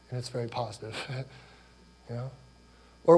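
A man in his forties preaches in an easy, conversational way, telling personal stories and putting questions to his listeners. His voice sits at an ordinary middle pitch, and a faint mains hum runs underneath. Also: unhurried, pauses often, warm tone, husky. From Ohio, USA. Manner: conversational, personal storytelling, asks the congregation questions. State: choked up with emotion. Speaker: pastor. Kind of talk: sermon.

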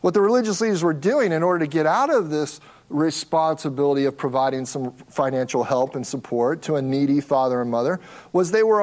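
High-voiced man preaching emphatically. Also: a little mellow. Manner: emphatic, stresses key words slowly. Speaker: pastor. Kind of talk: expository sermon.

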